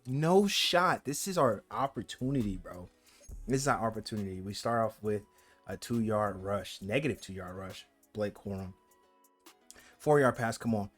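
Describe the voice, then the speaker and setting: A young man commenting casually on his football video game, talking to the game in slang and getting worked up over big plays. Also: medium pitch. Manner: excitable, talks to the game, slangy. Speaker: gaming channel host.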